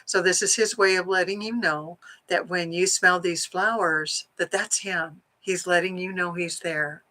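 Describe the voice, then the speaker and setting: A middle-aged woman, a psychic medium, chatting to viewers and telling a personal story in a lively way, acting out the lines she quotes. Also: on the low side, low-quality recording.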